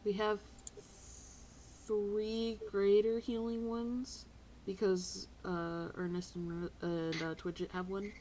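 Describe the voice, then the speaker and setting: A woman's voice: mid-range voice, flat delivery, takes it slowly, mellow, slight background noise, low-quality recording. A woman playing a tabletop game who talks expressively, with lots of fillers. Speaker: player.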